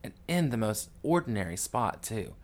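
Grieving man, low-voiced podcast host, profane and candid, swings between hushed and loud. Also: sing-song, normal speed. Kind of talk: raw emotional storytelling.

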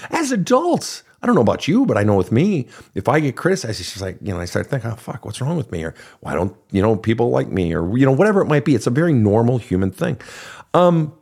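A man's voice: mid-range voice, creaky, darkish tone, slightly rough. A man hosting a counseling show, speaking bluntly and swearing casually as he questions his guest. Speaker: counselor host. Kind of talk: counseling conversation.

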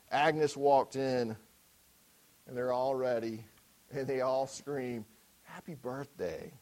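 A preacher telling a story to his congregation in a lively storytelling manner, acting out the characters. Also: mid-range voice, low-quality recording. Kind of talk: sermon illustration storytelling.

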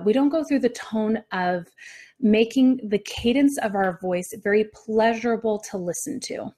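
A woman coaching her listeners on speaking, her voice moving in deliberate waves of pitch. She talks in an upbeat, direct way and sits at a middle pitch for a woman. Her tone is that of a podcast host teaching her audience. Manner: sing-song, deliberately varied intonation. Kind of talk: motivational teaching talk.

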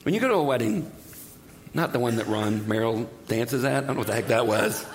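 A middle-aged man preaching a sermon as pastor, telling jokey stories in an animated way and dropping to a hushed voice to pray. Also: mid-range voice, brisk, a little hiss or hum. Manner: animated, jokey storytelling that drops to a hushed prayer. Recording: echoey hall.

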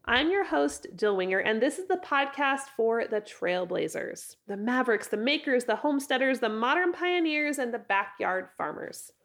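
A woman hosting a casual solo podcast, hoarse and raspy from a head cold, chatting and rambling in a friendly way. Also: on the high side, lively intonation, moderate pace, few pauses, fairly bright tone. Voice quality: raspy, froggy. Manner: chatty, rambling, self-correcting with laughs. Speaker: podcast host.

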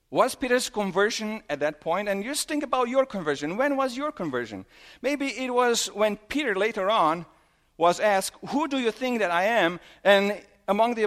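A man delivers a sermon, posing questions and retelling scenes from scripture, and his voice drops low and soft at emotional moments.

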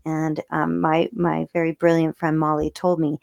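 Chatty, fast-talking woman vlogger with a low, gravelly voice, recorded close and dry. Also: level tone, no room sound. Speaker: video creator. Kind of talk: casual personal storytelling.

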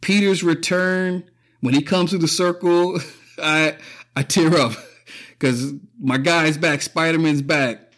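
A man's voice: a little high, fairly even intonation, slow pace, fairly bright tone. A man hosting a podcast, talking through a casual opinion monologue, emotional and profane, choking up and laughing often. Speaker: podcast host.

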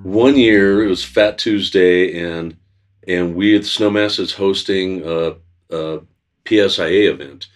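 A man, a snowboard instructor, recounting an old story in a steady manner. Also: low-pitched, a little slow, distant mic, faint music behind. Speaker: snowboard instructor and exam host. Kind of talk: interview anecdote.

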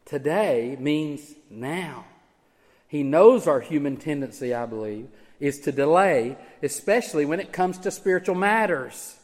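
High-voiced preacher in a reverberant hall. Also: male voice, expressive, moderate pace. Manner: emphatic, swings from loud urging to hushed low tones. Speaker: pastor. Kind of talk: sermon. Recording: church hall with long reverb.

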